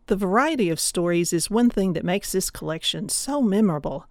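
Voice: medium pitch, animated, fairly quick, no room sound. Casting: presenter for an audiobook promo, plain mid voice, dry studio sound. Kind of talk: promotional overview.

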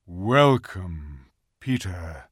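A man voicing a majestic lion with a deep, rich voice who speaks calmly and solemnly, in an audiobook reading. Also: breathy edge, no room sound, studio quality, exaggerated voice. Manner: calm, solemn, measured. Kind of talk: audiobook character voice.

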